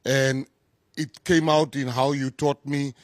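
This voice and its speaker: A man's voice: medium pitch, level tone, takes it slowly, no echo, clean studio sound. A South African man, a government minister, giving an effusive, emphatic press conference speech full of repeated phrases.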